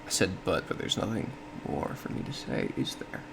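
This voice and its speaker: Casual talk from a guy thinking out loud, bit of vocal fry, faint hiss behind. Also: low-pitched, lively intonation, normal speed. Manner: thinks aloud with frequent self-corrections and small laughs. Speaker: solo podcast host. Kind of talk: casual explanatory monologue.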